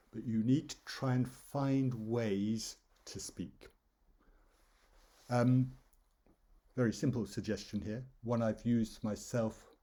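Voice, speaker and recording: Male English tutor, lowish husky voice, relaxed explanatory delivery over slides. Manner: relaxed explanatory, demonstrates stress and intonation. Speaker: English teacher.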